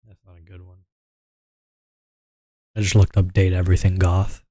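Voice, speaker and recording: Male streamer, casual rambling chat, very low flat voice, dry close sound. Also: moderate pace, dry recording. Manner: meandering, mumbling, trailing off.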